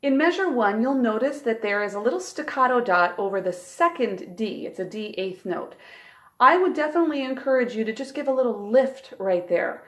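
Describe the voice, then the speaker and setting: A woman flute teacher giving a calm, clear and encouraging instructional tutorial. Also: a little high, moderate pace.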